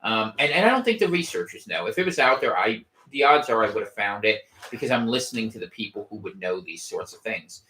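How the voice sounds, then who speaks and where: Animated man riffing with gallows humor. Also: on the low side, brisk, few pauses. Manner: rambling, wry gallows humor, many restarts. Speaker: podcast host. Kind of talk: casual livestream commentary. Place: home room.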